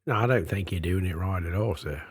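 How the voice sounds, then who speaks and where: A man co-hosting a podcast in a casual chat, teasing with a deadpan delivery and wordplay. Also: low voice, brisk, husky, no echo. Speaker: podcast co-host.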